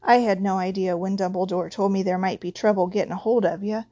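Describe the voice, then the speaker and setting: A woman voicing Hagrid, a huge gruff male gamekeeper who talks in a rough dialect with dropped word endings. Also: mid-range voice, steady tone, brisk, dark tone, no echo, highs cut off, lightly acted. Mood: anxious.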